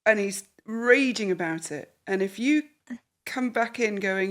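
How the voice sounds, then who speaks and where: A woman's voice: medium pitch, a little slow. A woman counsellor hosting a podcast, talking a client through a coaching session and acting out the voices of the people she quotes. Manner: animated, acts out quoted voices. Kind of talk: therapy session conversation.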